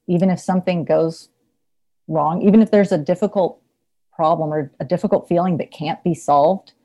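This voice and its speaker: A woman's voice: lowish voice, mellow. A woman in casual conversation, talking reflectively with many fillers and frequent laughs.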